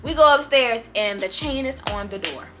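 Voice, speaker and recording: Animated, bright-voiced young woman storyteller. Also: on the high side, normal speed, faint music behind. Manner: animated, slangy, dramatic storytelling. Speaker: vlogger. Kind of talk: storytime vlog.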